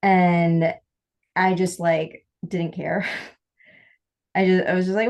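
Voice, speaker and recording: A woman co-hosting a podcast in a casual, heartfelt chat. Her voice sits on the low side, and she talks candidly, doubling back on her words and acting out what she once said. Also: flat delivery, slow pace, pauses often, a little mellow. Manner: candid, rambling with frequent restarts and quoted asides. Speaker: podcast co-host.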